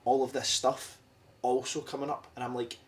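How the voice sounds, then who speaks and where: Animated Scottish man, podcast host. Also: mid-range voice, moderate pace, recorded from a distance. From Scotland. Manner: animated, rambling, mimics voices. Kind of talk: casual podcast conversation.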